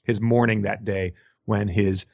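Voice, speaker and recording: A man's voice: lowish voice, flat delivery, measured pace, darkish tone, no echo, muffled recording. A man co-hosting a podcast in casual chat, wry and rambling, laughing often. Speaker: podcast co-host.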